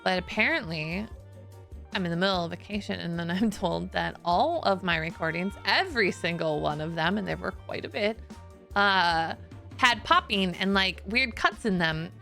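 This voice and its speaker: A woman's voice: on the low side, animated, moderate pace, creaky, bright, forceful tone, faint music behind. A woman streamer telling stories in a casual chat, leaning on "like" as she talks and laughing often. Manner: chatty and storytelling, laughs often, many "like" fillers.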